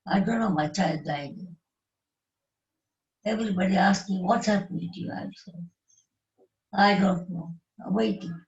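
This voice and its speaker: Grieving woman in her nineties, slow halting speech. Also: medium pitch, darkish tone, far from the mic. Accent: South African Indian English. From South Africa. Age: 90s. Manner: slow, halting broken English with short phrases. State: grieving, emotional. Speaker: interview guest. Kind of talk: tearful life-story recollection. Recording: echoey dull live-stream audio.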